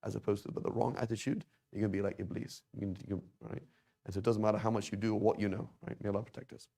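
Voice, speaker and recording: A man's voice: on the low side, little pitch movement, racing, vocal fry, warm tone. A man teaching an informal Arabic class, talking conversationally and tossing rhetorical questions at his students.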